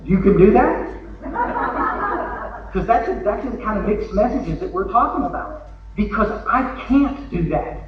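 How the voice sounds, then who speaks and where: At a podium in a large convention hall, a man with a Texan accent gives a folksy, joking recovery talk full of acted asides. His voice sits high and animated, and he's unhurried, leaving long pauses. Heard from far off, the recording is echoey and lo-fi, with background noise.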